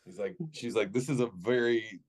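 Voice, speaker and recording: A man's voice: lowish voice, steady tone, moderate pace, darkish tone. A young man co-hosting a casual chat, laid-back and teasing, with frequent swearing. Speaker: podcast co-host.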